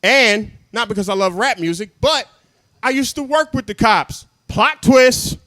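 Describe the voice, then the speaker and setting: A young man doing a stand-up comedy set, chatty and self-mocking, laughing at his own jokes and dropping into quiet asides. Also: extremely high pitch, expressive, a little slow, no echo.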